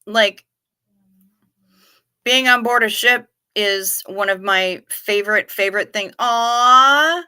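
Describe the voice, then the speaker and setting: A woman's voice: mid-range voice, slow, sharp tone, clean tone. A woman hosting a casual livestream chat, swearing freely and talking with her viewers. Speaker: livestream host.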